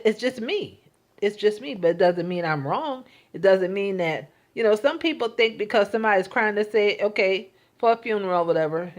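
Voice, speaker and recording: A woman talking in a casual, reflective monologue. She is earnest and emotional, and she often repeats words and restarts her sentences. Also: mid-range voice. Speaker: vlogger.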